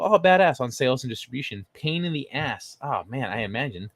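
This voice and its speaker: A man's voice: mid-range voice, big pitch swings, fairly quick, few pauses, a bit bright, dry recording. A man hosting a casual livestream, reading chat messages aloud and answering them in a blunt, profane way.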